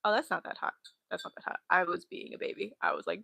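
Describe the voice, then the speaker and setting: A woman's voice: on the low side, fast talker, gravelly, bright, forceful tone, breathy edge, no echo. A young woman in her twenties rambling and giggling through casual livestream chat into a laptop mic at home. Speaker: livestream host.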